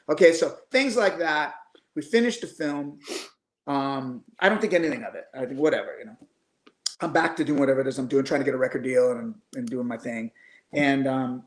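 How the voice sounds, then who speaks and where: A man in his fifties, a guest musician, telling animated anecdotes casually over a video call, with frequent restarts. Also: on the high side. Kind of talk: casual storytelling. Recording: echoey room.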